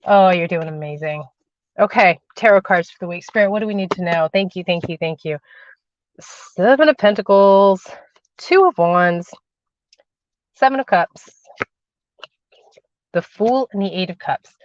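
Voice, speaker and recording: A woman hosting a spiritual livestream and reading tarot, talking casually and warmly to viewers, repeating phrases for emphasis. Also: lowish voice, measured pace, pauses often, no echo. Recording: dull, lo-fi, dry livestream audio.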